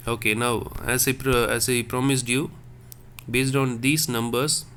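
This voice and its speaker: A man teaching a French class online, explaining slowly and correcting himself as he repeats words. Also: medium pitch, level tone, a bit bright, slight background noise. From India. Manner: slow, repetitive explaining with self-corrections.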